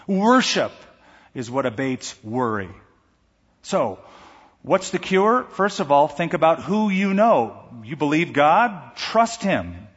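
A man preaching a sermon, animated and slowing down to stress key words. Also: fairly high pitch, husky. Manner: animated, slows down for emphasis. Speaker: pastor. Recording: echoey hall, dull sound.

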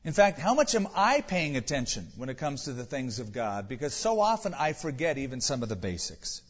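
Husky-voiced man preaching a sermon. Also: medium pitch, very animated, brisk, big-room sound, dull audio. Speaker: pastor.

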